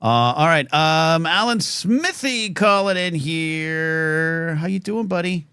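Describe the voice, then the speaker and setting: A man's voice: on the high side, slow pace, bright, forceful tone, clear, resonant tone, no room sound, studio quality. A man hosting a call-in show, rambling playfully with lots of fillers and restarts. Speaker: host. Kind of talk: casual call-in show chat.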